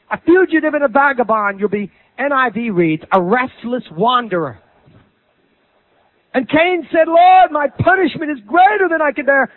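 A man preaching a sermon, dramatic, swinging from loud bursts to low asides. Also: no room sound. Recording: tinny phone-like sound.

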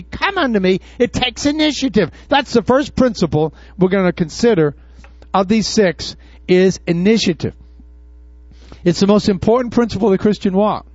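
A man preaching to his congregation in a high voice, tossing out questions and acting out Bible scenes. The sound is dry and a little dull. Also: no echo. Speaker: pastor. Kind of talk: sermon. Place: church before a congregation.

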